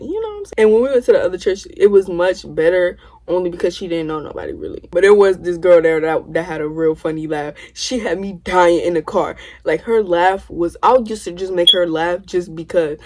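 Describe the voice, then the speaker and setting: A young woman telling a story to the camera, animated and rambling, full of slang. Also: lowish voice. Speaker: vlogger. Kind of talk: casual storytime.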